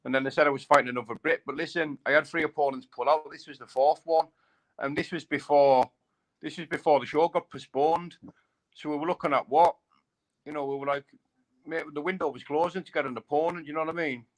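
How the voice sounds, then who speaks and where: A man's voice: on the high side, steady tone, brisk. A man, a bare-knuckle fighter, chatting casually and rambling, repeating himself and saying mate a lot. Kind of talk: casual live chat.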